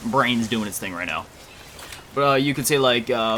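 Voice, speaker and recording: Guy gaming and just chatting, kinda rambly, pokes fun at himself, crisp bright voice. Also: mid-range voice, normal speed, slight background noise. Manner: rambling, self-deprecating, trails off to recall words. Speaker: gaming YouTuber. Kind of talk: casual chat while playing a video game.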